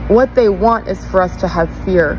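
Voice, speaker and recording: A woman's voice: medium pitch, moderate pace, over music, poor audio. A middle-aged woman giving a heartfelt tribute, grieving and indignant as a parent. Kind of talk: personal tribute vlog.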